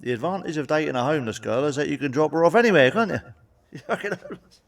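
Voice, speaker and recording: A man's voice: on the high side, expressive, racing, gravelly, far from the mic. A man telling blunt, sweary stand-up jokes and tagging them with cheeky questions. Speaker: stand-up comedian. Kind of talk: stand-up joke monologue.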